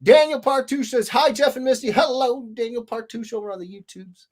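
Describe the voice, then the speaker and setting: Speaking at an extremely high pitch and a fairly quick clip, a male illustrator hosts a casual livestream. He reads viewers' comments out loud with animated, sing-song greetings.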